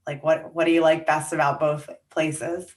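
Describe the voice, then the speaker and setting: A woman's voice: low voice, little pitch movement, moderate pace, a little mellow. A woman co-hosting a podcast, laughing often and asking casual questions with fillers. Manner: giggly, asks questions with fillers. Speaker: podcast co-host. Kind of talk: casual interview chat.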